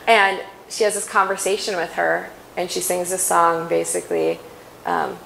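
A woman giving a faith-based inspirational talk at a conference, chatty and quick to laugh, often correcting herself mid-sentence. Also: lowish voice, gravelly, a bit bright, slight background noise, poor audio. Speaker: conference speaker.

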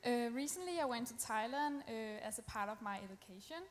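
A young woman pageant contestant answering hesitantly with many pauses and ums. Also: a little high, expressive. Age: young adult. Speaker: pageant contestant, nursing student. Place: live pageant stage.

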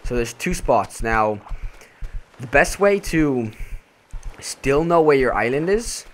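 A man's voice: mid-range voice, expressive, slow pace. A young man casually narrating a survival game as he plays, stumbling over and repeating his words, then jumping at sudden scares. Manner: jumpy reactions to in-game scares. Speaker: gaming channel host. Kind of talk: casual let's-play commentary. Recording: voice over noisy game sound.

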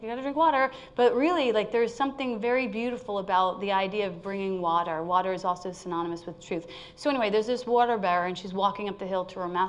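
Laughing, chatty woman giving a sermon. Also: medium pitch. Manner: conversational, laughs often. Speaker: spiritual speaker. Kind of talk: informal sermon.

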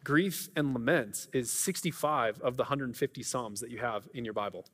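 A man's voice: mid-range voice, normal speed, fairly bright tone. A man preaching a sermon in a church, earnest and conversational, often restarting his sentences. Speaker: pastor. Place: church sanctuary. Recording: reverberant church hall.

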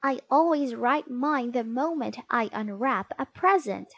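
Perfect Peter, a woman doing a smug high little boy. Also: lively intonation, unhurried. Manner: sweet, self-satisfied, tattling. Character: prim goody-goody little boy, smug tattletale.

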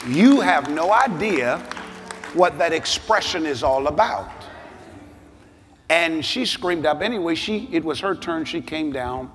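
A middle-aged man preaches in a sanctuary, his voice pitched high and full of animated storytelling. The sound carries a long hall reverb. Music plays clearly beneath him. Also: a little slow. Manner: animated storytelling, rising to shouted altar call. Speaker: bishop, pastor. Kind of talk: sermon. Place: large church sanctuary.

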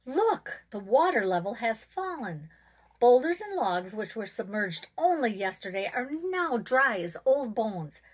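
Fields: Figure: proud, selfish male pond spirit, voiced by a woman. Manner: ranting, rising high and loud when upset. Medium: storybook reading. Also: unhurried, natural voice.

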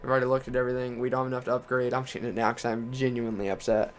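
A young man from Texas calls his racing game out loud as he drives, swearing freely and ranting at rival drivers. His voice sits at a middling pitch, and a faint hiss of noise hangs behind it. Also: little pitch movement, rapid-fire. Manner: profane, frustrated ranting. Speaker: gaming channel host.

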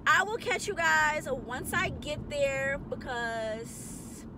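Young woman vlogger, bubbly slangy car chat, high voice, road noise behind. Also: lively intonation, takes it slowly. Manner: chatty, upbeat, slangy. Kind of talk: casual chat to camera. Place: in a car, driving.

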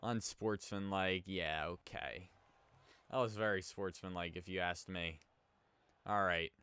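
A man's voice: low voice, fairly even intonation, measured pace, smooth. Chatty young man narrating a hockey game. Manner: chatty, reacts loudly to plays. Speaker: gaming YouTuber. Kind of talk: casual let's play commentary.

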